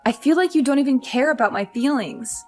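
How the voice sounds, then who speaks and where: A woman's voice: high voice, animated, a little fast, a little mellow. Woman voicing an upset young wife. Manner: upset, complaining. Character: frustrated young career wife. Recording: faint music behind.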